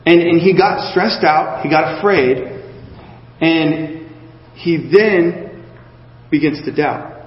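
A man's voice: fairly high pitch, slow pace, pauses often. A male pastor giving a sermon in a conversational way, often checking in with his listeners through rhetorical questions. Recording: echoey hall, dull lo-fi sound.

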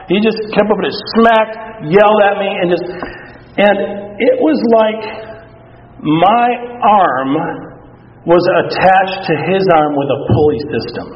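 A man's voice: high voice, slow, slight background noise. Man preaching in an echoey hall. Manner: candid storytelling, self-mocking. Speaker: pastor. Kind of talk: sermon. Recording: echoey hall from far off, dull.

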